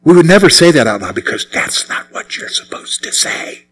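A man's voice: fairly high pitch, very animated, normal speed, fairly bright tone, low-quality recording. A man preaching a sermon as pastor, emphatic and repeating his key phrases.

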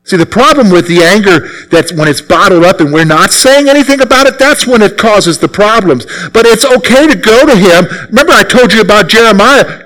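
A man's voice: high-pitched, animated, brisk, hardly any pauses, fairly bright tone. A man preaching a sermon as pastor, exhorting his listeners and driving points home by repeating them. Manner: exhorting, repetitive.

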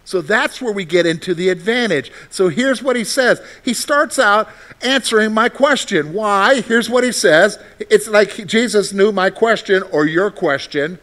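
High-voiced preaching man, animated. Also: measured pace. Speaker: pastor. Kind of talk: sermon.

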